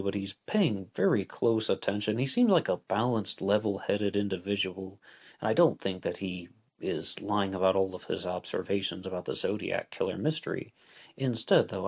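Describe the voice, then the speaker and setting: Man, deep voice, podcast host, deliberate, measured. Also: a little mellow. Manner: measured, deliberate, spells out letters. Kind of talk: solo podcast book discussion.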